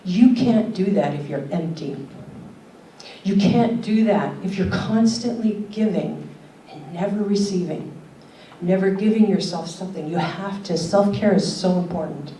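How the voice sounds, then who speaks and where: An older woman's mellow, medium-pitched voice fills a conference hall as she tells stories and asks questions in an earnest keynote. Recorded from a distance, the audio is roomy, with a little hiss or hum.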